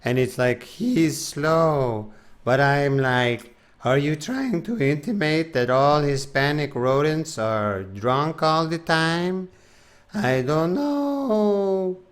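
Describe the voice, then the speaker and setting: Man, slightly high voice, slow, self-mocking, casual game stream chat. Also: expressive, smooth.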